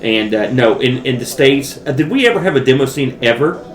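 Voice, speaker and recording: A man's voice: mid-range voice, expressive, a little fast, soft background music. A man co-hosting a podcast in casual chat, joking and rambling. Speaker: podcast co-host. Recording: roomy with faint background noise.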